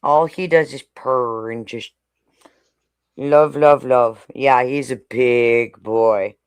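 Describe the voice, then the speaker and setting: A woman's voice: extremely low pitch, steady tone, slow pace, darkish tone, clean tone, dry recording. A woman in casual chat on a stream, chatty and stopping to coo at her pets. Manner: chatty, coos and talks to her pets while speaking. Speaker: co-host.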